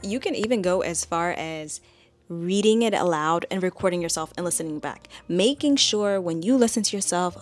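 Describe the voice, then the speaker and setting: A woman's voice: on the low side, normal speed, faint music behind. A woman giving a casual spoken language tutorial, chatty and direct as she coaches the viewer.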